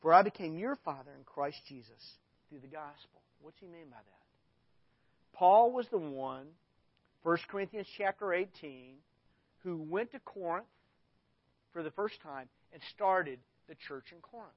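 A middle-aged male pastor preaching a sermon, reading scripture with animated, dramatic bursts of loudness. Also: on the high side, normal speed, no echo. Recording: dull, lo-fi dry recording.

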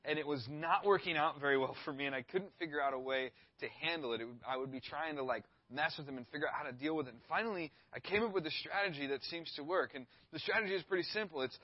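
A man in his thirties, a youth pastor, preaching a sermon with a relaxed storytelling manner. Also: a little high, quick pace, no echo, highs cut off. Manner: laid-back, storytelling, acts out quoted voices.

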